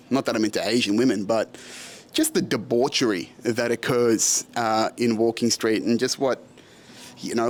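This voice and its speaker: A young Australian man talks straight to the camera in a loose, sweary rant that swings between boastful and disgusted. His delivery is animated and unfiltered, and his accent is plainly Australian. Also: medium pitch. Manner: animated, profane, ranting. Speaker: podcast host. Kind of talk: casual solo vlog rant.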